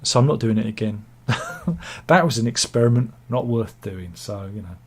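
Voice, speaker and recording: Husky, rambling British man. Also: fairly low pitch, normal speed. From Britain. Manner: rambling, joking, self-deprecating. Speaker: vlogger reading viewer comments. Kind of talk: casual chat. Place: cold room at home.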